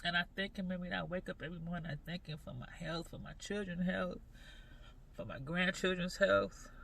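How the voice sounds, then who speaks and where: Woman, 40s, earnest faith vlogger; halting delivery with lots of repeated phrases, faint background noise. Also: lowish voice, steady tone, creaky, a bit bright. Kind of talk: personal faith vlog talk.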